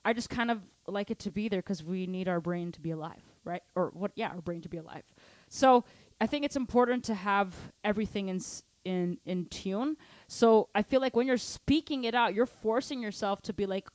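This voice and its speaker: A woman's voice: medium pitch, moderate pace, darkish tone, no room sound. A woman teaching a live online drum lesson, chatty and encouraging, with many casual fillers.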